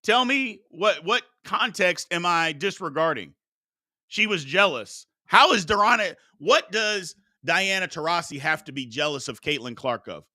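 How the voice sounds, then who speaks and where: A man's voice: fairly high pitch, expressive, a little slow, sharp tone, no room sound, clean studio sound. A man hosting a sports talk show, arguing heatedly with his chat and preaching about respect. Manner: combative, preachy, exclaims "Lord have mercy".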